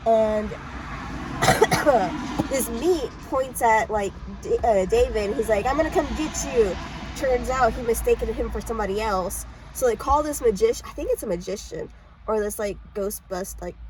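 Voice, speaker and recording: A woman giving a casual book summary and then reading aloud, halting and mumbly, with frequent coughs and restarts. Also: on the high side, a little mellow, a little hiss or hum, poor audio. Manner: mumbly, self-described. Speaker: amateur reader.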